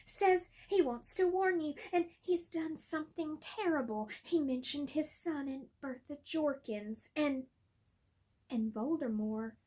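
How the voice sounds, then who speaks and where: A woman's voice: high-pitched, measured pace, darkish tone. A woman voicing a panicked teenage boy wizard who talks urgently and breathlessly.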